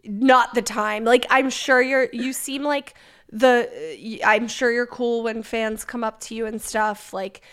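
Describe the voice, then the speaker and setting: A woman host with a slightly raised pitch, guiding a casual chat. She cuts in with quick, blunt reactions and asks direct questions. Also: level tone, a bit bright, smooth. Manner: reacts with short, blunt interjections.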